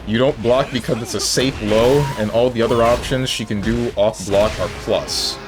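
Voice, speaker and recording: A man's voice: medium pitch, steady tone, moderate pace. A man streaming a fighting game, giving casual commentary with frustrated outbursts and sudden exclamations. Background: fighting game music.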